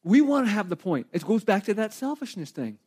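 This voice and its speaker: A middle-aged man preaching a sermon in a conversational, animated way, with asides and light humor. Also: high-pitched, brisk, slightly rough. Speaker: pastor.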